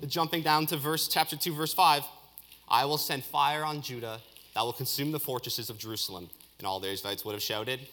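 A man preaching a sermon in an animated way, building to loud peaks and restarting phrases often. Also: medium pitch, a little fast. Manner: speaks with frequent restarts and filler words.

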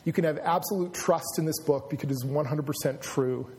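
A man's voice: a little high, a little fast, darkish tone, slightly rough. A middle-aged man preaching a sermon, telling a personal story and building to emphatic preaching. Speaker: pastor. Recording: long hall reverb.

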